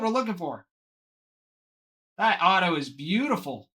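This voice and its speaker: Man, card break host, unhurried, bright forceful voice, gushes, calls out viewers by name. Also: high voice. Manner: excitable, gushing over each card. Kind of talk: live card box break.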